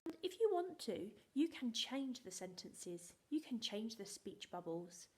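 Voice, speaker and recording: A woman's voice: on the high side, big pitch swings, measured pace. A woman teaching a phonics lesson to young children, sounding out letters and often dropping to a whisper. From England. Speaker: primary school teacher.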